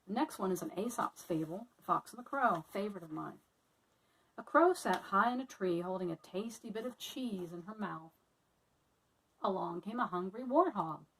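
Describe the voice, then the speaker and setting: A woman's voice: mid-range voice, normal speed, husky, far from the mic, poor audio. Woman teacher reading a storybook aloud. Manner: friendly and expressive. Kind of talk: reading a picture book aloud to children.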